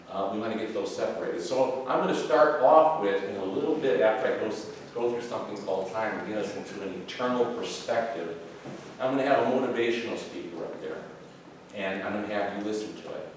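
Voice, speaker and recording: Man, Bible class teacher, halting and informal, recorded far off in a reverberant room with background noise. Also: lowish voice. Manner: conversational, halting, with many fillers and restarts. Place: church classroom. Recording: very echoey room, far from mic.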